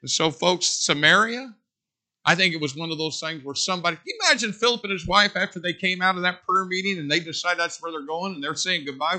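Bright-voiced, emphatic preacher. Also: male voice, fairly high pitch, brisk. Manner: folksy preaching that builds to loud, emphatic peaks. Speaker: pastor. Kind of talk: sermon.

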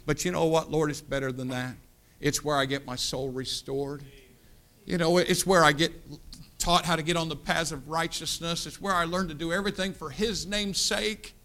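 A man in his fifties from the United States preaching a sermon, building to loud impassioned peaks and dropping to hushed asides. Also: on the high side, fairly even intonation, moderate pace. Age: 50s. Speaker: pastor. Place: church sanctuary.

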